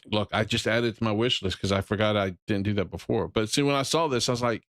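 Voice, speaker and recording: Middle-aged streamer dude, rambly, swears, dry mic. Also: male voice, on the low side, fast, a bit bright, no room sound. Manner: blunt, rambling, profane. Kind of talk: casual reaction stream.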